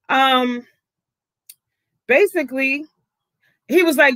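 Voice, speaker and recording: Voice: high voice, takes it slowly, long pauses, bright, forceful tone, dry recording. A vlogger giving outspoken, casual commentary, swearing freely, with the voice jumping up when riled.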